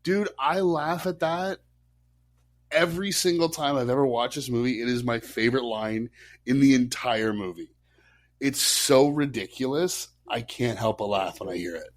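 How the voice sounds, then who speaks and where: A man co-hosting a casual podcast chat, animated and laughing as he retells film scenes. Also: mid-range voice, moderate pace. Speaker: podcast co-host.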